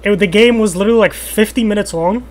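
A young man streaming a team shooter game, trash-talking his friend with crude jokes and sudden excited yells. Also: sits high, quick pace. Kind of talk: casual gaming chat.

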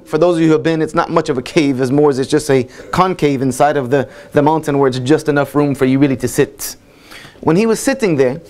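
A man's voice: fairly high pitch, darkish tone. Emphatic Southern American man preaching. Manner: emphatic, builds with repeated phrases and rhetorical questions. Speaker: guest speaker at a mosque. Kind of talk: sermon-style lecture.

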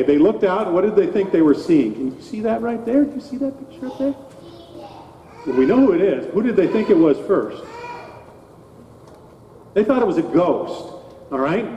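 A man's voice: high-pitched, expressive, normal speed, long pauses, a little hiss or hum. A man, a pastor, giving a children's sermon in a church, talking animatedly and asking the children questions. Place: church sanctuary. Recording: echoey hall, dull sound.

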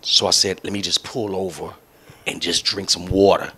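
A man's voice: low voice, fairly even intonation, moderate pace, pushed and bright, a little hiss or hum. A young adult man hosting a podcast. He tells a long story in loose, profane, laughing chat and acts out the other people's lines. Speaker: podcast host.

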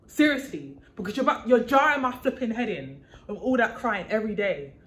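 A woman's voice: fairly high pitch, lively intonation, brisk, hardly any pauses, fairly bright tone. A young woman, ranting casually to her phone in an incredulous, slangy way. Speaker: vlogger. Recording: noisy phone recording.

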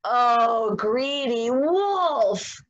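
A woman teacher reading a story aloud to young children, animated and expressive. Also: a little high, vocal fry, poor audio. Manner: animated, expressive, gasping for effect.

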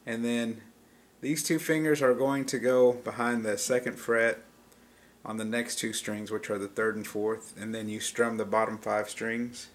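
Speaking unhurriedly in a fairly low, level voice, the guitar teacher walks through chord shapes step by step in a plain, easygoing way. Acoustic guitar playing can be heard behind him.

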